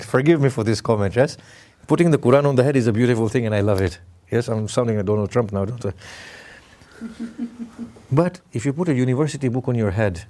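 A middle-aged man preaching a conversational sermon, putting questions to his listeners and slowing down to stress key words. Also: mid-range voice, warm tone. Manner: questions the audience, emphatic with sudden slow stresses. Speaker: Islamic preacher.

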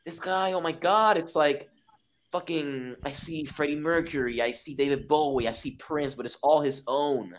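A man chatting excitedly on a podcast, swearing often and acting out his own reactions. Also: on the high side, moderate pace, rough recording. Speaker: podcast guest. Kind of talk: casual podcast chat.

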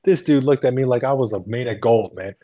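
A man co-hosting a podcast in casual chat, his pitch sitting right in the middle for a man. He talks in an animated, rambling way, full of fillers and frank swearing. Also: brisk, slight background noise. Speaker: podcast co-host.

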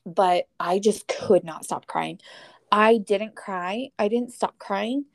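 Woman podcast guest, candid and emotional, a creaky edge, close dry sound. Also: mid-range voice, takes it slowly, no room sound. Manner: candid, emotional, swears casually. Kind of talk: casual storytelling chat.

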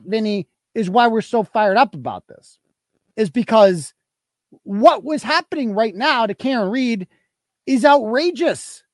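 A man's voice: very high-pitched, no echo. A man hosting a live show, ranting in heated, profane commentary and repeating himself for emphasis. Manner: heated, swearing, repetitive.

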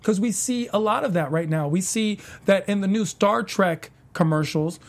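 A man's voice: high-pitched, normal speed. A man hosting a casual podcast chat, earnestly explaining his points at length. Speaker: podcast host.

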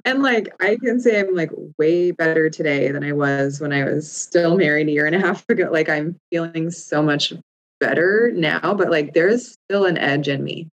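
Low-pitched woman in her 30s, casual podcast chat, reflective and open, says like a lot. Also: normal speed, dull audio. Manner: candid and reflective, with frequent "like" fillers. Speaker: podcast co-host.

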